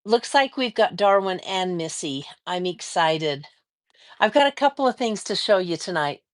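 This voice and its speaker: With a lowish voice, lively intonation, and moderate pace, a woman chats on a casual quilting livestream from her home studio. She hails from the American Mountain West and greets her viewers by name.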